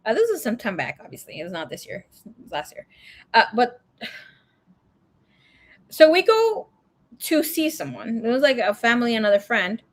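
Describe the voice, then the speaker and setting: A woman's voice: fairly high pitch, very animated, normal speed, long pauses. A young woman hosting a tarot livestream, telling stories in a frank, profane, chatty way and slipping into Spanish phrases. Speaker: tarot reader livestream host. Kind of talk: casual storytelling chat.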